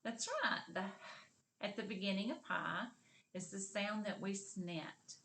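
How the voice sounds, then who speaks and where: A woman gives a slow, clearly modeled literacy lesson to kindergartners, her mid-range, fairly bright voice unhurried and fairly even in intonation. There's a little hiss or hum, and she patiently encourages the children while stretching out the sounds and words.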